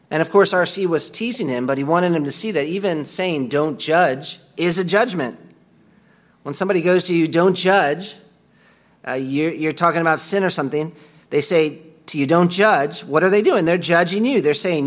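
A man teaching a Bible class, his voice sitting a little higher than most men's. He talks in a conversational way, reading quotations aloud and stopping to comment on them. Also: normal speed.

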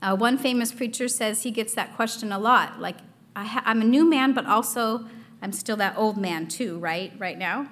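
A woman's voice: a little high, normal speed, fairly bright tone. Earnest woman giving a devotional talk. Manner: earnest, reads quotes aloud, frequent fillers. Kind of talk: casual devotional teaching.

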